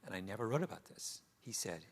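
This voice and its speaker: Animated male storyteller, lively pitch. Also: fast. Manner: animated storytelling, laughing often. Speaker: author guest. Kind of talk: onstage conversation. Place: theater stage before an audience.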